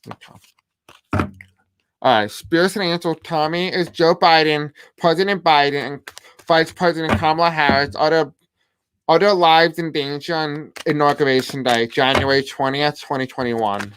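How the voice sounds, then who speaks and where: A person giving a tarot reading to their viewers in a halting way, often pausing and repeating the same phrases while laying out cards. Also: mid-range voice, fairly even intonation, noisy background. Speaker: tarot reader. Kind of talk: casual tarot reading to camera.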